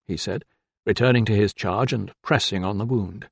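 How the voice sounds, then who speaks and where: A man narrating an audiobook with a dramatic, expressive reading. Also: fairly low pitch, normal speed, vocal fry, slightly rough, dry recording.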